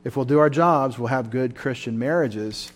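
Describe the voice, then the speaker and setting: Male pastor, sermon delivery, fervent and emotional, surges loud then drops low. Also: normal speed. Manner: fervent, emotional preaching with sudden loud rises. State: tired. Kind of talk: sermon at a Bible study.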